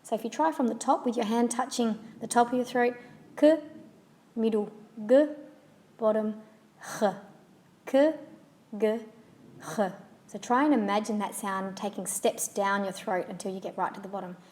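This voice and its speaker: A woman's voice: mid-range voice, steady tone, a little fast, hardly any pauses, a little mellow, slight background noise. Patient woman teaching French sounds. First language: English. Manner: patient, clear demonstrations with repeated example words. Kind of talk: instructional lesson.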